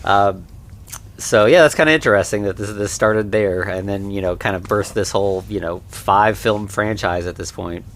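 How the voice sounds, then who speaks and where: A man's voice: lowish voice, normal speed, a bit bright. A man co-hosting a podcast, casually recapping an old movie with lots of "like" and "you know.". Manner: rambling, heavy on fillers like "like" and "you know". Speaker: podcast co-host.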